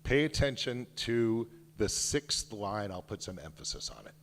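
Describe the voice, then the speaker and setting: A man in his sixties, a children's book author, giving an animated talk and reading his picture book aloud with emphasis. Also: fairly low pitch, unhurried. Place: synagogue hall. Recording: echoey hall reverb.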